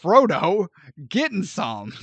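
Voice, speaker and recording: A man co-hosting a casual film review podcast, laughing often and talking with lively energy. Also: high-pitched, takes it slowly, husky, dry recording, dull audio. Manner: animated, laughing often, acting out characters' lines. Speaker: podcast co-host.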